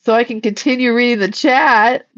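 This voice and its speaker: A woman's voice: a little high, normal speed, fairly bright tone, muffled recording. A woman casually chatting on a livestream, blunt and swearing freely while reading the chat and shooing her cat.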